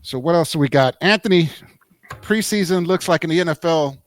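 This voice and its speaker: A man co-hosting a podcast in casual chat, animated, laughing often and acting out quotes. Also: fairly high pitch, fairly quick, dry recording. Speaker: podcast co-host.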